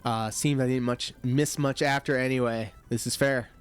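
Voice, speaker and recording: A man streaming casual reaction commentary, sarcastic and quick to laugh. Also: mid-range voice, fairly even intonation, smooth, soft background music.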